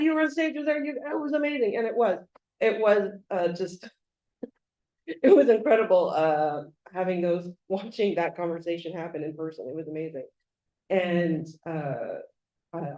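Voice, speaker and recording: Woman giving a halting, tender eulogy. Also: fairly low pitch. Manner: halting, emotional, many fillers, bursts of excitement. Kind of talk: memorial speech. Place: event venue room. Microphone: handheld microphone. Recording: dull lo-fi venue audio.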